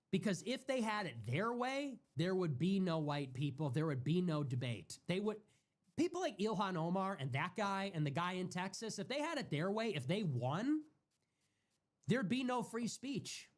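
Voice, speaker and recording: Brief: male streamer, furious, profane solo rant, high and swinging voice. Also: expressive, moderate pace. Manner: repeats himself for emphasis. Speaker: livestream host. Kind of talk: heated solo livestream rant.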